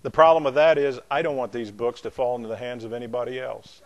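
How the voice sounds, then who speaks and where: A man's voice: medium pitch, fast talker. A pastor, a man, teaching a Bible class in a loose, conversational way, with restarts and asides to his students. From not from the American South.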